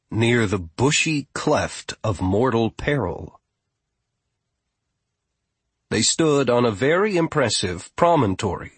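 Slow, husky male storybook narrator. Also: medium pitch, dry recording. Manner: measured, wry storytelling. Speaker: audiobook narrator. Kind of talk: scripted narration.

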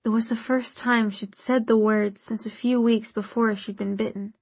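A woman narrating a novel in a measured, even storytelling manner. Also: on the high side, breathy edge, no room sound. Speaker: audiobook narrator. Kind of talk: scripted narration.

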